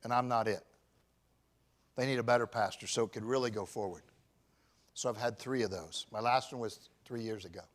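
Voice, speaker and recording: In a church, a pastor in his fifties preaches a sermon, swinging between shouted emphasis and quiet, personal confession. His pitch is medium, his pace a little fast, and he pauses often.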